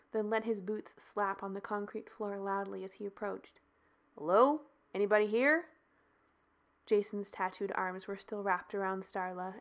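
A woman podcast host and author, reading a chapter of her romance story aloud. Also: mid-range voice.

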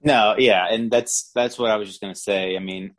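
Male podcast co-host with a lowish voice, rambling, chuckly delivery for a casual film review. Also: steady tone, normal speed. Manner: rambling, laughs while talking. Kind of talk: casual movie review chat.

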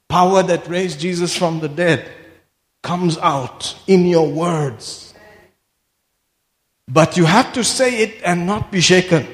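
A man preaching a sermon, swinging from quiet asides to shouted declarations. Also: high voice. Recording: long hall reverb.

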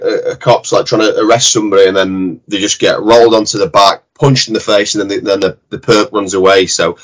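A man's voice: fairly low pitch, steady tone, a little fast, few pauses, low-quality recording. A man with a Yorkshire accent, a jiu-jitsu head coach, talking bluntly and animatedly in a casual interview, with some swearing.

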